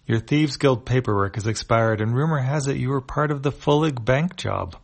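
A man reading a deadpan alien enforcer. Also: medium pitch, normal speed, creaky, pitched above the performer's own voice. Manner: read aloud, matter-of-fact.

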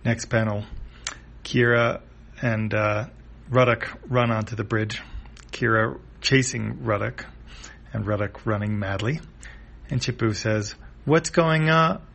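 A man's voice: on the low side, fairly even intonation, a little slow, vocal fry, pauses often, fairly bright tone. A man casually reading a comic aloud, describing each panel with some fillers. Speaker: comic reader.

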